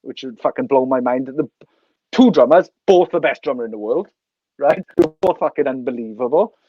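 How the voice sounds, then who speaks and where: A Welsh man in his thirties telling an animated, sweary story as a podcast guest. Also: mid-range voice, a little fast, slightly rough, no echo, lo-fi sound. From Wales. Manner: animated, sweary, laughs through anecdotes. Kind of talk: casual storytelling.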